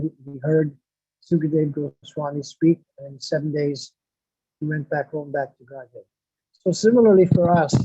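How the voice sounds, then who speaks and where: A man's voice: fairly high pitch, warm tone, husky, no echo. A man giving a devotional sermon, repeating phrases for emphasis and reciting Sanskrit verses. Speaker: devotional speaker. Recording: dull lo-fi, dry sound.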